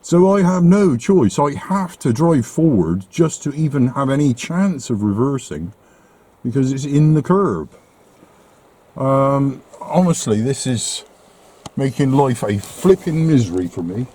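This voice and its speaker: Warm in tone and lively in intonation, this mid-range voice moves at a measured pace through casual walking-and-driving vlog commentary in the rain. He's winded, exasperated, and mildly profane, with slight hiss or hum in the recording.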